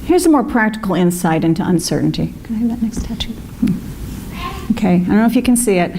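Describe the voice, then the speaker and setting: A woman's voice: medium pitch, big pitch swings, a little fast, mellow, slight background noise. A woman minister giving a conversational sermon, with fillers and asides to the congregation. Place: congregation hall.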